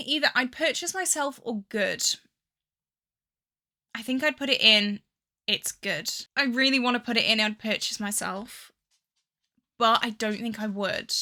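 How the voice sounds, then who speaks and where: A young woman from England with a Midlands accent and a hint of Scouse talks through makeup in a loose, chatty way, second-guessing herself often. Her voice sits fairly high and sounds bright and sharp. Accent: English Midlands with a hint of Scouse. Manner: chatty and indecisive, with many fillers and dramatic sighs over choices. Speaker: beauty vlogger. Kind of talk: casual product review chat.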